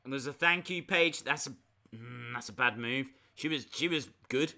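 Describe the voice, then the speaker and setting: A man giving casual live reactions as a streamer, chatty with excitable, jokey asides. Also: mid-range voice, moderate pace, gravelly.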